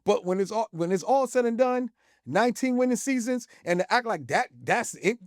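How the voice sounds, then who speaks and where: A man co-hosting a sports debate, making his case in a measured way and often saying "it is what it is". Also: extremely high pitch, animated, no echo, clean studio sound. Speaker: co-host.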